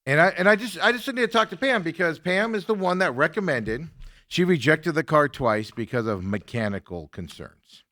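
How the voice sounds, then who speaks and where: A man's voice: a little high, normal speed, no room sound, clean studio sound. A male talk show host in casual conversation, telling a story and acting out other people's lines as he goes. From Arizona, US. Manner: animated, acts out other people's lines in quotes.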